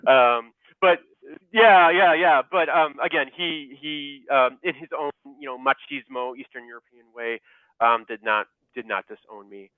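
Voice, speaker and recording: A man talking over a tinny, phone-like line, the sound dry and close with no room around it. He tells his story haltingly, piling up fillers and restarts, with a laugh breaking in at the funny bits. He is a pharmacist guest on a casual interview. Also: medium pitch, dry recording.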